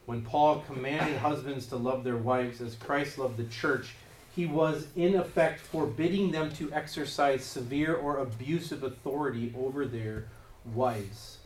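A man's voice: medium pitch, a little slow, slight background noise. Emphatic male preacher in a roomy hall. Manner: emphatic, rising in force on key phrases. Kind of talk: sermon. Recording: roomy echo, voice from a distance.

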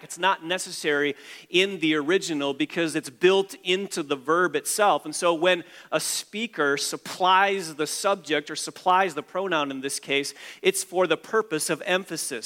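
Guy preaching a sermon, punchy repeats, bright tense tone, long reverb in a big hall. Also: a little high. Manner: emphatic, repeats key phrases for stress. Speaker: pastor.

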